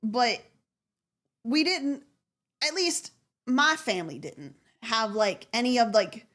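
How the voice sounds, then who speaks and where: A young woman with a high, bright-sounding voice chats with her stream, her Southern US accent fading at the edges. She rambles and restarts her thoughts, leaning on "like" constantly, into a streaming mic. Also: animated. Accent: faint Southern US. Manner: rambling, heavy on "like" and restarts, quick laughs. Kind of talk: casual chat with viewers.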